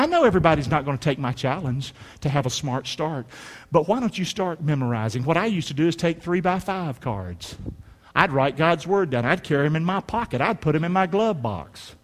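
A middle-aged male pastor preaching a sermon in a folksy way, rising to shouts and dropping to near-whispers. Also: on the high side, big pitch swings, normal speed. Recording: long hall reverb.

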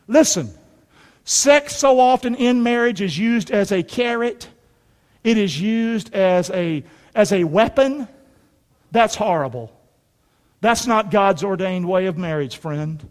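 Speaking slowly in a high, animated voice, a middle-aged male pastor preaches in a church sanctuary. The long hall reverb surrounds his folksy, emphatic delivery as he leads the congregation in call and response.

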